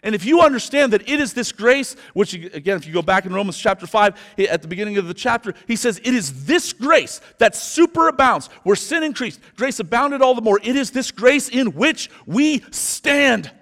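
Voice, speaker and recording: Pastor type, male, high voice, emphatic sermon delivery, big church reverb. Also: big pitch swings, fairly bright tone. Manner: emphatic preaching, slows down for stress. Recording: long hall reverb.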